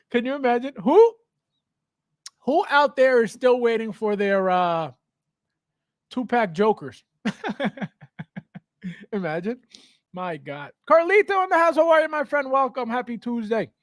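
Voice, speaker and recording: A man hosting a casual livestream from his basement, his voice pitched high and swinging widely up and down. He greets viewers by name and reads their chat aloud, laughing often. The sound is dry and close. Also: animated, unhurried, pauses often, no echo. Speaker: livestream host. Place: home basement.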